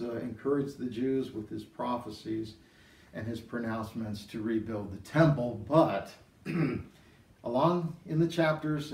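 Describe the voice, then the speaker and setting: A middle-aged man teaching from the Bible, telling stories in an animated way and rising to excited emphasis. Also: medium pitch. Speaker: preacher. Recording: roomy, distant mic.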